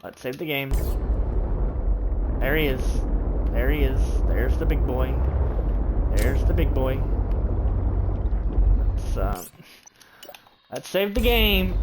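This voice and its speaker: A streamer doing chatty, rambling live gameplay commentary that turns excitable. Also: medium pitch. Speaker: game streamer. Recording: loud game music underneath.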